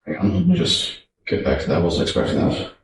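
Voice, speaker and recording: A man in casual chat, relaxed and jokey while he works. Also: rumbling low, quick pace, creaky, distant mic. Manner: relaxed, chatty, jokey asides. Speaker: tattoo artist. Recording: echoey room, off-mic.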